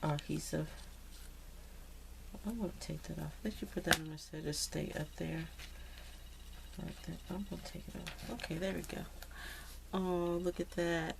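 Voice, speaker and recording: In a low, gravelly voice at a moderate pace, broken by long pauses and set against background noise, a crafting vlogger unboxes handmade cards. She gushes excitedly through the casual happy-mail haul and uses "y'all."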